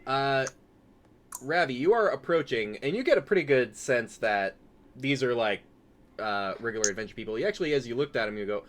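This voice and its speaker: A man's voice: mid-range voice, lively intonation, normal speed, a bit bright, slight background noise. A man running a tabletop game as game master, narrating loosely with lots of fillers.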